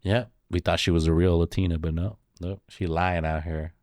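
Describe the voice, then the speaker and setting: A man's voice: sits low, little pitch movement, moderate pace, darkish tone, dry recording, studio quality. A young man streaming live, chatting casually with a jokey, slangy banter style. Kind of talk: casual stream chat reacting to chat.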